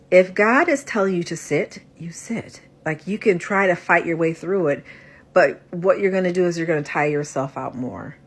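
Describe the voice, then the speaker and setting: Tired low-voiced woman vlogging from bed. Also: breathy edge. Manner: soft, rambling, halting with restarts. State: tired and exhausted; stuffy with a runny nose. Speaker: spiritual coach and psychic reader. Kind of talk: casual confessional vlog. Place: in bed at home.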